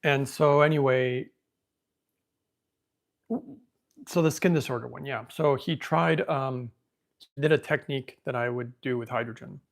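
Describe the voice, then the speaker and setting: A man hosting a podcast, telling a story in a casual, rambling way, thinking out loud and becoming emotional. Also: medium pitch, a little slow, vocal fry, pauses often. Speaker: podcast host.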